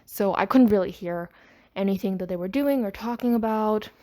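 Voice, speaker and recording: A woman's voice: medium pitch, normal speed, a little mellow. A woman hosting a podcast, telling a personal story in a rambling, chatty way. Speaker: podcast host. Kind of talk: casual storytime monologue.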